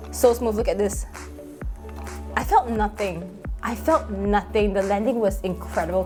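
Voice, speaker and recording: A young woman vlogger talking excitedly over her own video, full of exclamations and fillers, with faint music behind her. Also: medium pitch. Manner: gushing, exclamatory, many fillers.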